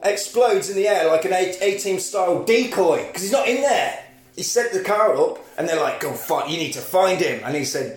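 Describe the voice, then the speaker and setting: A man co-hosting a casual podcast, retelling a film plot with animated storytelling and acted-out lines. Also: on the high side, echoey room. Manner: animated storytelling, acting out lines, frequent laughs. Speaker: podcast co-host. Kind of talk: casual film recap chat.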